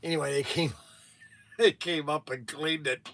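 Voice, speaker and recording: A man's voice: a little high, steady tone, measured pace, vocal fry, sharp tone. A man hosting a store livestream, telling casual stories in a rambling way, repeating himself and laughing at his own tales. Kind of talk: casual storytelling.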